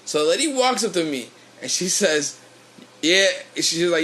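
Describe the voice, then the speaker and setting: A man's voice: a little high, fairly quick, fairly bright tone. Young man telling a rambling story. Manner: rambling, loose, swears freely. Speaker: podcast co-host. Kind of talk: casual storytelling chat.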